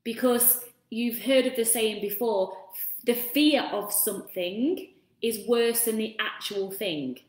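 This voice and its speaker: A woman's voice: fairly high pitch, slow pace. A woman hosting a casual self-help talk, chatting freely and breaking off to greet viewers. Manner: chatty, warm asides to viewers. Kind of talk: casual live-stream talk. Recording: roomy echo.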